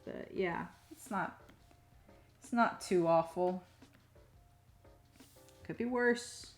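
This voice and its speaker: Slow-talking woman streamer, low voice. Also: faint music behind. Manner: rambling, self-talk with many fillers, soft muttering asides. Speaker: streaming digital artist. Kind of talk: casual live-stream chat while drawing.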